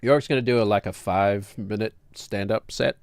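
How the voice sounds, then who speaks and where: A man's voice: lowish voice, steady tone, normal speed, darkish tone, clean tone, no echo. A middle-aged man, hosting a casual gaming stream in a chatty, rambling way. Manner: chatty, rambling, upbeat greetings. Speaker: streamer host.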